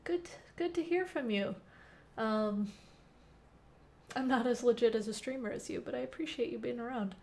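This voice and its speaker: A young woman's voice, on the high side and a little mellow, moves at normal speed with long pauses. She hosts a relaxed coding stream from her temporary home on headphones with a mic, reading chat aloud and answering with plenty of fillers.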